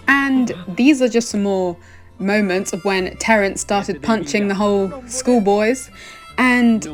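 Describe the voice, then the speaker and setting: A young woman talks through an anime review in a loose, rambling way, tossing in fillers and exclamations. Her voice sits at a middle pitch. Faint music plays softly behind her. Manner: rambling and chatty, full of "like" and "oh my gosh". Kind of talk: casual anime review chat.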